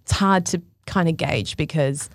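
A woman's voice: sits low, normal speed, vocal fry, dry recording, clean studio sound. A woman, a fashion stylist chatting casually and acting out the people in her stories. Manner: animated storyteller acting out quotes. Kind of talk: casual podcast chat.

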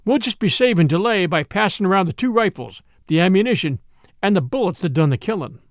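Brief: man playing a bossy gold-country judge, loud and commanding, high and gravelly. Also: animated, a little fast, dry recording, studio quality. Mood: domineering. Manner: loud, commanding, folksy drawl. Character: blustering frontier judge, domineering, impatient man.

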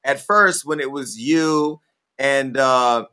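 Man, talk-show host, rambling questions, bright tone. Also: mid-range voice, slow. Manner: rambling, chatty, hesitant questions. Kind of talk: casual interview chat.

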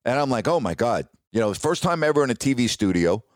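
A sportscaster telling a personal career story in a casual, animated, ad-libbed way. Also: male voice, mid-range voice, fast talker, no room sound, studio quality. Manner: casual, animated retelling with ad-lib restarts.

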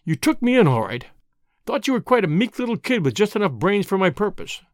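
A man's voice: high voice, very animated, brisk, no room sound, clean studio sound, voice pushed up. A man playing a snarling, suspicious businessman. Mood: grudging. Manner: snarling, forceful, impatient. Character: bullying middle-aged male businessman, suspicious.

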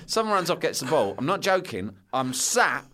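A middle-aged man telling a story on a podcast. He is animated and swears freely. He keeps slipping into the voices of the people in his tale. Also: on the high side, normal speed. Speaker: podcast guest. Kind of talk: casual storytelling.

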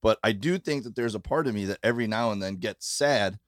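Rambling Midwestern man, low voice, dry. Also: fairly quick, no room sound. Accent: Midwestern American. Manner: rambling, restarts often, earnest. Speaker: stand-up comedian. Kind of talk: casual podcast chat. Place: tour bus.

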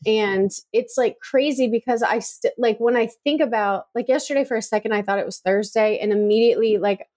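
Female podcast co-host, middle-aged, slightly high voice, chatty and emotional. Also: a little fast, a little mellow. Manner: chatty, emotional, lots of fillers. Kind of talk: casual chat.

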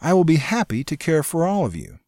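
Gentle, fragile young noblewoman, as a male narrator puts her on, pitched well up, soft and earnest. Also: wildly swooping pitch, fairly quick, dry recording, studio quality, heavily acted. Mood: tender.

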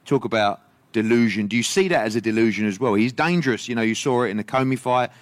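A man hosting a boxing press conference, putting brisk, probing questions to the fighters. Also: mid-range voice, no room sound.

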